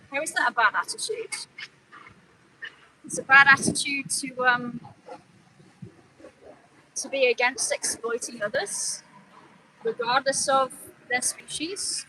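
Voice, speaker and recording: Bright-voiced woman, earnest activist streamer. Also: high voice, a little slow, pauses often, a little hiss or hum, rough recording. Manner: earnest, pleading and scolding, softly addresses animals. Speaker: animal rights activist livestreamer. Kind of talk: live stream commentary.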